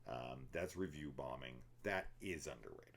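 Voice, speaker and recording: A man with an extremely deep voice hosts a casual horror film spoiler discussion. He rambles through his opinions, swears freely and drifts into tangents. His delivery is loose and unscripted. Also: lively intonation, normal speed, creaky, fairly bright tone. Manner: laughs and mimics characters while telling the plot. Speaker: film review podcast host.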